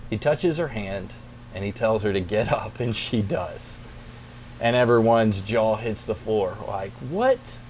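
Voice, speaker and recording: A young man, a youth pastor, reading scripture and then explaining it in a relaxed, conversational devotional talk. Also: lowish voice, unhurried, slight background noise. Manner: relaxed, conversational, plainspoken encouragement.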